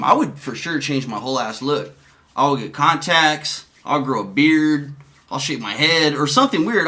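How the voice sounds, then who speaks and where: Guy rambling and cussing his way through commentary, bright voice, bouncy pitch. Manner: profane, rambling, self-interrupting. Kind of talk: casual commentary.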